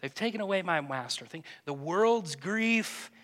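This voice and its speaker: A man leading a congregation through a guided prayer meditation, speaking gently and hesitantly, often repeating words. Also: high voice, lively intonation, a little slow. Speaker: pastor. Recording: long reverb of a church hall.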